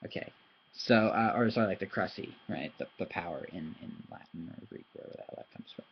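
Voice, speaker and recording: A man who speaks English natively, teaching Thai pronunciation in a casual video lesson, talking in an animated, chatty way and slowly spelling out syllables. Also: sits low, breathy edge. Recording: slightly dull lo-fi recording.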